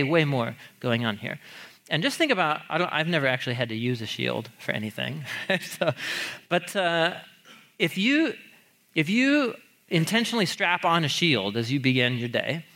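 Speaking in a slightly high voice, a man delivers a lively, conversational sermon on the Psalms, stressing the important points with an occasional laugh.

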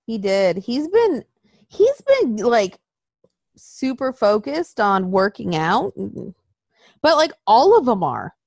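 Woman, casual chat host, profane, mocking, higher voice, dry close mic. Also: big pitch swings, slow pace, no room sound.

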